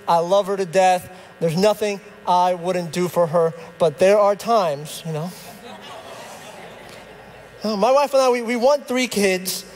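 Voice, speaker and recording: A young man with a notably high voice gives a sermon, telling personal stories in a relaxed, conversational way. His words carry a long reverb from the church hall around him. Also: a little hiss or hum. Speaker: youth director preaching. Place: church sanctuary.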